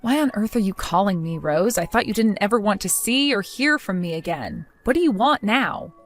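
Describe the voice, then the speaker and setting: A woman voicing a fed-up young wife who answers her mother-in-law with mocking sarcasm, in an animated story drama. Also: medium pitch, normal speed, faint music behind, close to an everyday voice. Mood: dismissive.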